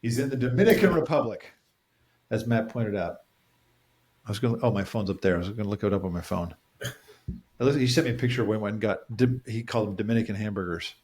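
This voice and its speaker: A man co-hosting a podcast in casual chat, joking and hopping between random topics with big jumps in his voice. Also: fast talker. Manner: jokey, jumps between random topics, animated swings in pitch. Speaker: podcast co-host. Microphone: studio microphone.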